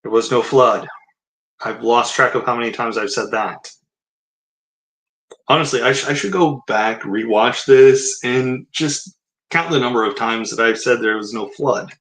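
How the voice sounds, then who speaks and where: An unhurried man with a medium-pitched, slightly bright voice alternates reading from a book with mocking, sarcastic comebacks. He rambles through casual asides, and the recording is rough.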